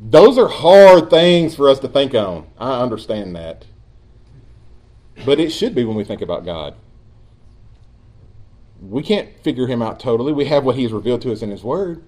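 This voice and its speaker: A man preaching a sermon as pastor, earnest and emphatic, dropping at times into quiet asides. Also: medium pitch, lively intonation, normal speed, long pauses.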